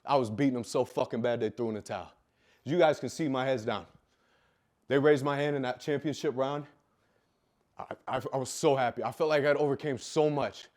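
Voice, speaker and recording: A man's voice: mid-range voice, a little fast, darkish tone. A young adult man telling a raw personal story, emotional and full of swearing, repeating phrases for emphasis. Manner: profane, emotional, repetitive emphasis. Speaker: speaker telling his life story.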